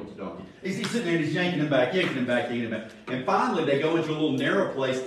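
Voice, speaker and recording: A man preaching in an animated, storytelling way and acting out the people in his stories. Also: mid-range voice, a little hiss or hum. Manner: animated storytelling, acts out quotes. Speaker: Sunday school teacher. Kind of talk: sermon. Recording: very echoey room, far from mic.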